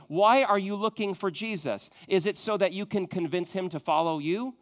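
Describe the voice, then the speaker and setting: A man preaching a sermon, moving from loud emphatic questions to a soft, hushed tone. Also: high voice, normal speed. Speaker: pastor.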